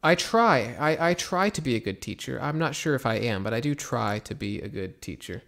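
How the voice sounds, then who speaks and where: A young American man teaching English in a casual live stream, slowly repeating example phrases and answering questions. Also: medium pitch, vocal fry. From United States. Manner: relaxed, slow repetitions of example phrases, mixes in Turkish.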